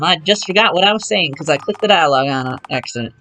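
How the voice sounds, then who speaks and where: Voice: medium pitch, animated, fast, few pauses, sharp tone, soft background music. Joking streamer reading game dialogue. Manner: joking, self-mocking asides.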